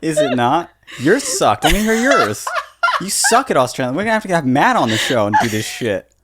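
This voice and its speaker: A man's voice: fairly high pitch, huge pitch swings, fairly quick, very noisy. A man co-hosting a casual podcast chat who jokes around, laughs a lot and swears freely. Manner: giggly, joking, swears freely. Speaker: podcast co-host. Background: faint theme music.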